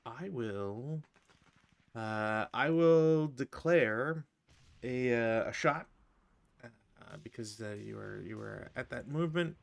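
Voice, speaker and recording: A man's voice: fairly low pitch, slow pace, vocal fry. A man playing a board game on a live stream, talking in a dry, teasing way and laughing often.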